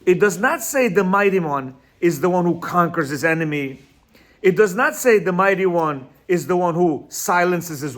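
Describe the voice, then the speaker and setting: A man's voice: sits high, a bit bright. Guy giving a casual torah talk on marriage, voice all over the place, keeps asking "you hear?". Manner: reads quotes aloud, then explains with asides and constant "you hear?", "right?"; sometimes stumbles over Hebrew words. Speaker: marriage coach and teacher. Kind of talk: informal religious teaching talk.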